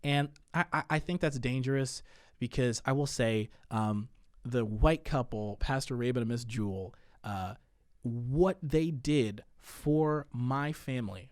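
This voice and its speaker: A man in his thirties, a podcast guest, talking in a hesitant, halting way with many restarts. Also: medium pitch, no room sound, studio quality. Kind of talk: casual conversation.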